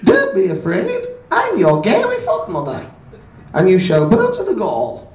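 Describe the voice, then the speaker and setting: Man doing a shrill falsetto fairy godmother. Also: wildly swooping pitch, unhurried, darkish tone, exaggerated voice. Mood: reassuring. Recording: echoey pub from far off.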